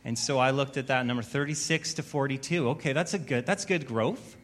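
A man preaching a sermon as pastor, telling a story with wry, self-mocking humor and building to louder, emphatic preaching. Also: medium pitch, brisk.

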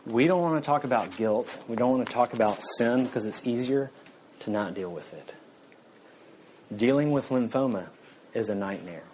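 A male pastor delivers a sermon in an earnest, mid-pitched voice. He slows his words and softens his tone to drive each point home. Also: a little hiss or hum, rough recording. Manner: earnest, slowing and softening for emphasis.

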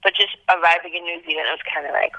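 A woman's voice: rapid-fire, no echo, muffled recording. A young woman from Antigua, a travel blogger telling her story as an interview guest and acting out what people said to her. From Antigua, Caribbean. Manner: lively, acts out quoted speech with big jumps in pitch.

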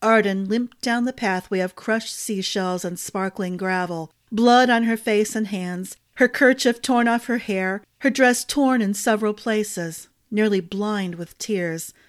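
A woman storyteller reading a fantasy novel aloud, measured and expressive. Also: mid-range voice. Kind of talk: audiobook narration.

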